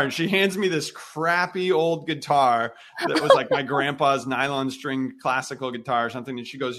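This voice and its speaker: A man in his thirties, a guest on an interview, telling a story with lively acted-out dialogue. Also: mid-range voice, moderate pace. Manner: animated storyteller acting out quoted dialogue. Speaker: guest, missionary musician.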